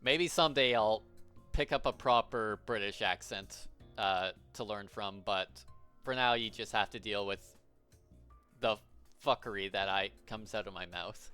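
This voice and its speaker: A man's voice: on the low side, measured pace, pushed and bright, clean tone, soft background music. Man narrating a live stream, apologetic asides. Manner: apologetic, self-deprecating asides. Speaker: streamer reading a game aloud.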